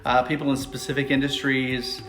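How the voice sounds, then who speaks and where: A man's voice: medium pitch, flat delivery, moderate pace, a bit bright. A man co-hosting a podcast in casual chat, rambling and joking with lots of fillers. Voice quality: rambling, jokey, many "uh" fillers. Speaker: podcast co-host. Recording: echoey room with faint music.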